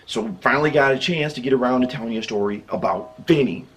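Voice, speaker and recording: Midwest guy doing storytime on his channel, mid-pitched voice, rambly, keeps cracking up laughing. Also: fast, soft background music. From American Midwest. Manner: rambling and self-interrupting, breaks into laughter. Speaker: YouTube storyteller. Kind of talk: casual storytime narration.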